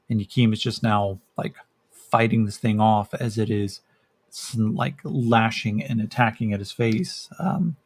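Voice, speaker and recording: Husky-voiced man running a solo tabletop game. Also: fairly low pitch. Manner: casual, hesitant, many fillers. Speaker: game master.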